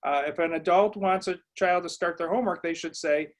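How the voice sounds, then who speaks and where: A psychology professor with a fairly high voice talks quickly and with few pauses during a webinar lecture for educators. His conversational delivery is full of "uh" and "um" as he shares stories from his early work.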